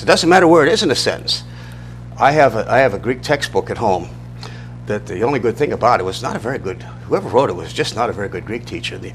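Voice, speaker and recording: A man's voice: fairly low pitch, a bit bright, a little hiss or hum. Middle-aged man teaching a church Bible class. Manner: conversational, asks the class questions, restarts sentences.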